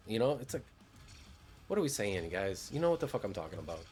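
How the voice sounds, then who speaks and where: A man's voice: medium pitch, big pitch swings, brisk, a little mellow, breathy edge. A man streaming a game, chatting casually in a laid-back, joking way, swearing freely. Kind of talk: casual gameplay commentary.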